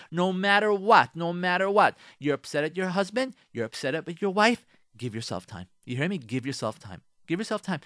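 A rabbi giving marriage advice on the radio, animated and acting out spouses in mock voices. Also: male voice, a little high, no room sound, studio quality. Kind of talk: radio talk, advice monologue.

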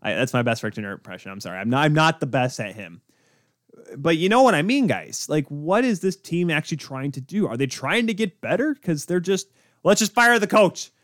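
A man's voice: fairly high pitch, very animated, fairly quick, no room sound, clean studio sound. A young man hosting a solo sports podcast, ranting in exasperation and firing off rhetorical questions. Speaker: podcast host.

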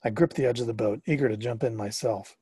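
A man narrating a story in the first person, expressive and sometimes rising to excited questions. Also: medium pitch, fast talker, husky, no echo.

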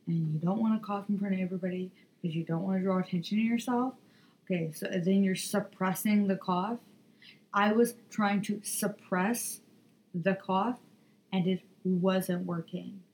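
A tired woman hosting a podcast, telling a story in a profane, rambling, animated way. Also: mid-range voice, slight background noise, poor audio. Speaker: podcast host. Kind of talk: casual solo podcast monologue.

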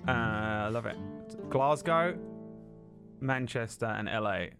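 A man's voice: medium pitch, over music. A man hosting a tabletop game stream as its game master, joking and teasing his players in casual banter. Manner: playful, joking, fast self-mocking asides.

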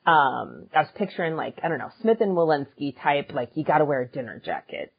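A woman co-hosting a podcast, telling a funny story in casual chat, animated and laughing often. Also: low voice, fairly quick, vocal fry, husky, phone-quality sound. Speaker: podcast co-host and musician.

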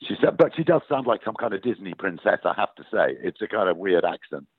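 A middle-aged man from Northern England chats as a guest, his lowish voice swinging up and down as he tells stories and laughs along. The sound is tinny and phone-like, completely dry with no room around it. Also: fast, slightly rough, dry recording. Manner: animated storytelling, laughs often. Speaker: actor guest. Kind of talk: casual interview chat.

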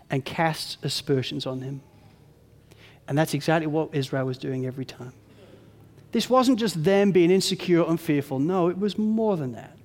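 High-voiced preacher in a reverberant hall. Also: male voice. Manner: animated, acts out grumbling voices. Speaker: pastor. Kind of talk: sermon.

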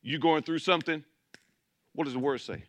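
A man's voice: a little high, normal speed, dry recording. A man preaching as pastor, building intensity, with mocking asides about churchgoers. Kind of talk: sermon.

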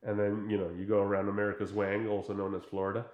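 A man in casual chat, retelling a film scene by scene and acting out its characters in quick put-on voices. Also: on the low side, little pitch movement, a little mellow, muffled recording. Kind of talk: casual chat recapping a movie. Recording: roomy echo.

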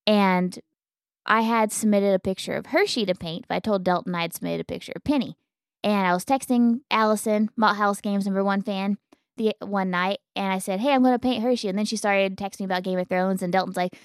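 A woman co-hosting a casual podcast, playful and jokey, quick to tease. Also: medium pitch, fairly even intonation, smooth, dry recording, clean studio sound. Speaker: podcast co-host.

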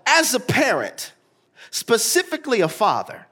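Man, pastor, very high voice, sermon, sing-song cadence, rising to shouts, talks to the church. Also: sing-song, unhurried. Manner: talks straight to the congregation.

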